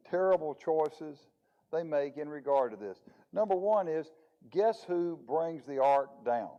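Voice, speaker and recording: A man's voice: on the high side, mellow, highs cut off. A man preaching a conversational Bible lesson in church, with a chatty manner full of rhetorical questions. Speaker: preacher teaching a Bible class.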